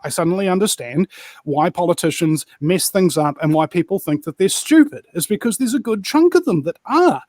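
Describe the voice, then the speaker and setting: A man's voice: sits high, animated, a little fast, darkish tone, dry recording, clean studio sound. A man from New Zealand with a New Zealand accent, a guest telling stories and ranting in casual political chat, often saying "bro". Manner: ranting, storytelling, peppered with "bro".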